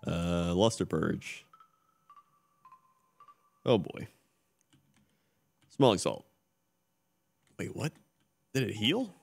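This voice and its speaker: A man's voice: deep voice, animated, very slow, creaky, long pauses. A male streamer giving laid-back, wry live commentary on his own game play.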